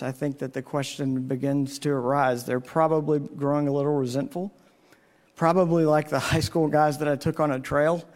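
A man's voice: a little high, darkish tone. A man preaching a sermon in an earnest, storytelling way, his voice rising on the questions he asks. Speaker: pastor.

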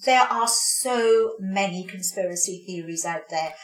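A woman's voice: mid-range voice, unhurried, roomy sound, crowd noise. A woman who is a guest on the podcast, chatting cheerfully with her son and his co-host. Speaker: guest, host's mother. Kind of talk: casual chat.

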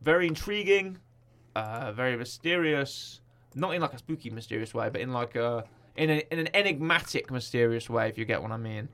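A man co-hosting a relaxed film review podcast in an easy middle pitch. He talks in a playful, teasing way, rambling and restarting his sentences as he goes. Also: fairly quick. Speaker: podcast co-host. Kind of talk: casual film review chat.

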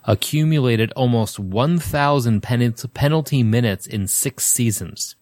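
A man's voice: mid-range voice, a little slow, darkish tone, no echo. A middle-aged man hosting a casual podcast chat, reading film trivia aloud with a chatty, self-deprecating manner. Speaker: podcast host.

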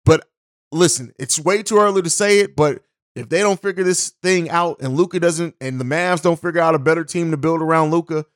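A male podcast host with a high-pitched voice talks through his opinions on his own. He is blunt and opinionated, swears casually and often restarts his sentences. The recording is dry, with no room sound. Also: fairly quick, dry recording. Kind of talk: casual solo commentary.

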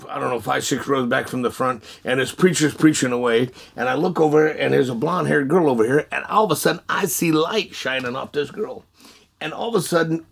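A man recounts his testimony in a relaxed, chatty way. His voice is gravelly and husky and sits somewhat high. He laughs often and acts out the voices in his story. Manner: animated, laughing storyteller who acts out dialogue. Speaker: guest telling his testimony. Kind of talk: casual spoken storytelling.

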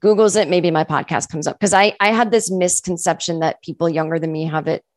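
A chatty woman comedian, a guest on an interview show, with a faint Boston accent softened by California. Her voice sits low, and she talks in self-deprecating, animated asides. The recording is dry and close. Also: a little fast, dry recording. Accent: faint Boston with California touches. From Boston area, USA. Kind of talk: casual interview chat.

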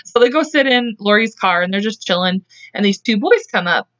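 A podcast host at home walks through a true-crime story in relaxed chat, putting on voices for quotes and laughing often. Her medium-pitched voice is brisk and a bit bright, with lively intonation. A dull lo-fi podcast mic records her.

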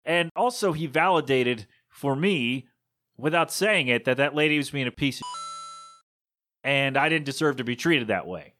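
A man's voice: medium pitch, lively intonation, normal speed, a bit bright, a little hiss or hum. A man hosting his own podcast, telling a story in a casual, rambling, digressive monologue. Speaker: podcast host.

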